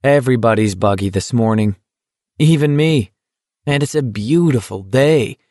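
A man's voice: mid-range voice, normal speed, a little mellow, no room sound, clean studio sound, lightly acted. A man voicing a sardonic young man who mocks and needles others playfully. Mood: mocking.

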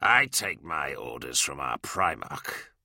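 Male narrator as a murderous warrior officer: snarling, barely restrained rage, forceful gravelly tone. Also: very deep voice, big pitch swings, slow pace, no room sound, studio quality, pitched below the performer's own voice, full character voice. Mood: angry.

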